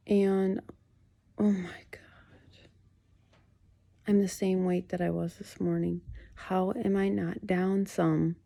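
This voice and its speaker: A woman's voice: lowish voice, level tone, slow pace, creaky, pauses often, mellow. A woman in her late thirties talking candidly in a casual home vlog, venting her frustration. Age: late 30s. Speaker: fasting vlogger. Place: at home, in bed.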